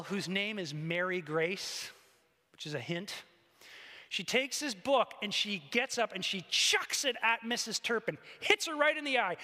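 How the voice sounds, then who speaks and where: Male pastor, animated storyteller, bright and expressive, echoing church hall. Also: high voice. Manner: animated storytelling, conversational asides. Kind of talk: sermon. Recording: long hall reverb.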